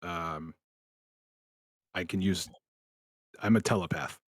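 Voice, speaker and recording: Deep-voiced man playing a tabletop game. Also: slow, no room sound, clean studio sound. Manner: casual, swears. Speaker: player. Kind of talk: casual tabletop play.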